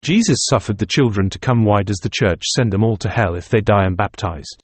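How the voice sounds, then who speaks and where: A man's voice: lowish voice, fairly quick, no echo, close to an everyday voice. A man reading the part of a young male student who argues insistently and scornfully.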